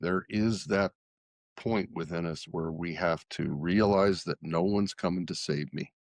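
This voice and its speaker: A man with a low voice co-hosts a casual podcast. He rambles and leans on fillers between his thoughts. The recording is dry and close. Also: a little slow, dry recording. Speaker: podcast co-host.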